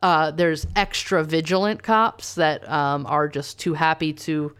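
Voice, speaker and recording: A woman's voice: low voice, steady tone, unhurried, fairly bright tone, clear, resonant tone. A woman, co-hosting a podcast and casually telling a true crime story, reading quotes aloud and saying "like" often. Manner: casual, says "like" a lot, reads quotes aloud.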